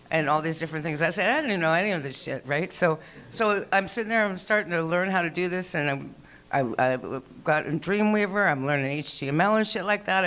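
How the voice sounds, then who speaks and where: Chatty profane woman doing stand-up. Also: deep voice. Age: older. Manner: chatty, profane, animated storytelling with many fillers. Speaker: stand-up comedian. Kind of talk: stand-up comedy set. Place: small comedy venue.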